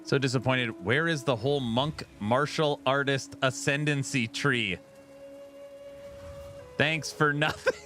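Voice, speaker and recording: A man's voice: medium pitch, a little slow, bright, forceful tone, faint music behind. A man streaming, reading viewer comments aloud in a casual, wry, amused way. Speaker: streamer reacting to game patch notes.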